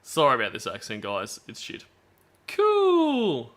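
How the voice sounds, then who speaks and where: A male streamer giving profane reaction commentary. His voice is bright and forceful and swings widely in pitch. He is blunt and swears freely. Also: lively intonation, normal speed.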